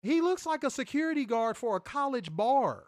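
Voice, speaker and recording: A man's voice: very high voice, moderate pace, dry recording, clean studio sound. A man hosting a wrestling review show, talking in casual, profane banter and telling stories with mocking impressions. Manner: animated, mocking, lively storytelling with impressions.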